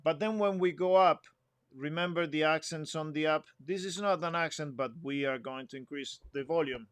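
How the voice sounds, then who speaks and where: Guy teaching a music class, kinda high voice, hums phrases and counts one two three, loud instrument playing in the background. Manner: explains slowly, sings phrases and counts in. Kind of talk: instrument lesson.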